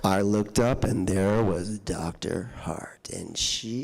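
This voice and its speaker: A man telling a personal story to an audience on a handheld mic, animated and often laughing as he acts out the people in it. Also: low voice, slow, creaky, few pauses. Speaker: guest author speaker. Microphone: handheld microphone.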